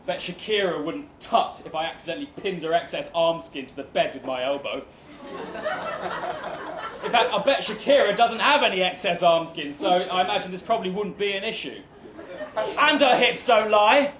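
Wry high-voiced man reading aloud. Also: fairly quick. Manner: wry, deadpan comic narration with mock-heroic outbursts. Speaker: reader at a live fiction night. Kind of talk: live comic story reading, first person. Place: pub function room with live audience. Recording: echoey live room, faint noise.

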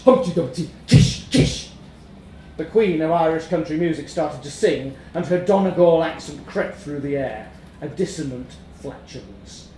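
A man reads a darkly comic story aloud with a wry, amused delivery. His voice sits somewhat high, and the room gives it a noticeable echo. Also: mellow, a little hiss or hum. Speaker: narrator. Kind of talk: storytelling reading. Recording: roomy echo.

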